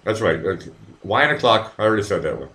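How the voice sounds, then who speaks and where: Middle-aged guy rambling on his live stream, lowish voice, keeps stumbling and repeating himself. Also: sing-song, fast, sharp tone. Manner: loose, meandering, stammers and repeats words, swears freely. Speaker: live show host.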